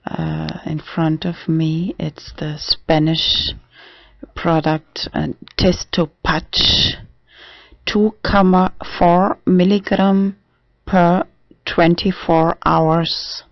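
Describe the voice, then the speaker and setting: A trans man talking haltingly in a casual video diary, with many restarts and fillers. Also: on the high side, steady tone, creaky, dry recording. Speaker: vlogger. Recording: dull dry lo-fi recording.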